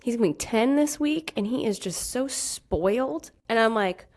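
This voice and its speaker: A woman's voice: a little high, normal speed. A woman in her thirties co-hosting a casual chat, telling stories animatedly and acting out what people said. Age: 30s. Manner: animated storytelling, acts out quoted dialogue. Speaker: podcast co-host.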